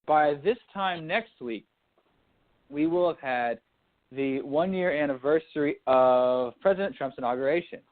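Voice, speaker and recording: A man's voice: a little high, a little slow. A young man from Dallas co-hosting a radio talk show, chatting casually about sports and politics and often restarting his sentences. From Dallas, Texas. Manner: rambling, restarts mid-thought. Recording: phone-line quality audio.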